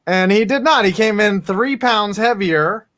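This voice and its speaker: A man's voice: high-pitched, a little slow, fairly bright tone. A man co-hosting a casual sports chat, teasing the others and joking between segments. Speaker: podcast co-host.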